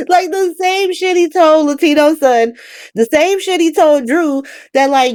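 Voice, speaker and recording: A woman hosting a casual soap opera recap, telling it in animated slang with frequent laughs. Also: very high voice, measured pace, no echo, studio quality.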